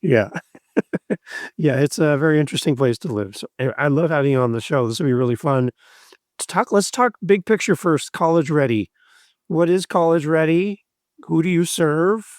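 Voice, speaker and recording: A man's voice: a little high, expressive, moderate pace, no room sound, clean studio sound. A man hosting a podcast, chatty, upbeat and jokey. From Canada. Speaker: podcast host. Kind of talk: casual chat.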